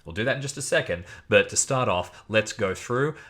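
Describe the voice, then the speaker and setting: A man's voice: on the low side, animated, moderate pace, a bit bright. A man running a solo tabletop game on a livestream, chatting with viewers and reading the rules with enthusiasm.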